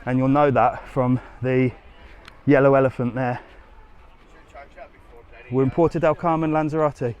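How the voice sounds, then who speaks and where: On a tourist strip by the sea, a travel vlogger walks and talks with his live audience, answering questions and cheekily tossing out replies to comments as he goes. His medium-pitched, darkish voice is unhurried, fairly even in intonation, and broken by long pauses. The audio is dull, recorded on a handheld camera while walking, with light street noise.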